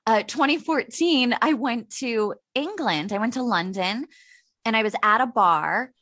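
A woman's voice: on the high side, unhurried, a bit bright, dry recording, studio quality. A woman in her thirties hosting a casual chat, swearing freely and laughing often. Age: 30s. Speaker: host.

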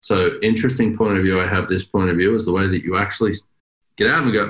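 Australian male podcast host, deep-ish and lively, echoey room sound. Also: quick pace. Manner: animated, laughing, acts out quotes. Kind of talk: casual podcast chat. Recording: roomy echo.

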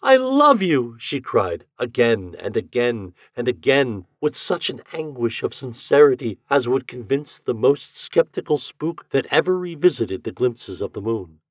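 A man reading a story aloud as a guest, with a measured, expressive narration. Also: medium pitch, dry recording, clean studio sound. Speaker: guest reader.

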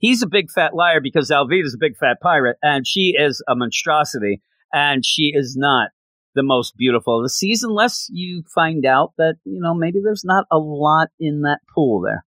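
A man giving a casual recap of an anime episode, telling it with animated, acted-out quotes. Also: mid-range voice, no echo. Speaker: anime reviewer.

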